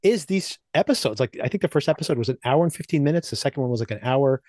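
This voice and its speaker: A podcast co-host talks fast and expressively in a mid-range, darkish voice, recorded with no room sound. He gives loose, chatty recaps and reviews of TV episodes, laughing often and leaning on fillers.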